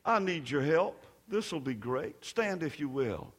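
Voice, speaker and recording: Pastor, high voice, slow emphatic sermon, leads call-and-response. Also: male voice, animated, slightly rough. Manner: emphatic preaching.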